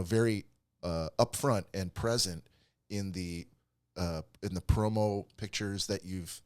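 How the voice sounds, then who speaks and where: A man's voice: low-pitched, no echo, clean studio sound. A man hosting a casual podcast chat, asking long rambling questions with frequent restarts. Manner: rambling, stop-start questions, quick to laugh. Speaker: podcast host.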